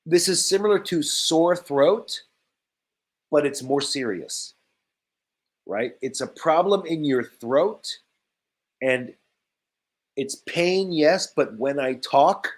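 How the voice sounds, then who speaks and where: A man teaching English vocabulary in a slightly high voice. He talks slowly and plainly, repeating each new word so learners can catch it. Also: lively intonation. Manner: speaks slowly and simply, repeats key words. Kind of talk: slow, clear ESL vocabulary lesson.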